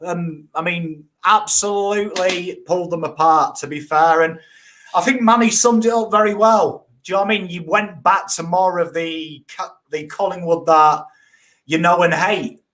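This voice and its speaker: A dry, teasing Englishman with a high voice banters about footy as co-host. He leans on "I mean" and little asides as he needles his mate. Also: fairly even intonation, normal speed, a bit bright. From England.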